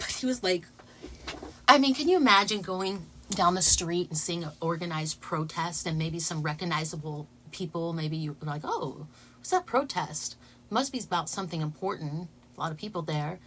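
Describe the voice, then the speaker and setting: A woman talks straight to her viewers with a bright, forward tone, retelling a funny moment. She laughs through her lines, restarts sentences and jumps up in pitch when she gets excited. The delivery is casual and unscripted. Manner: animated, laughing often, stumbling over words. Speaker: vlogger.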